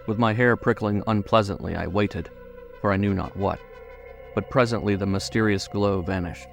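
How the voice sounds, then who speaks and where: Male narrator, gravelly, low-pitched, measured, suspenseful, horror audiobook, soft music behind.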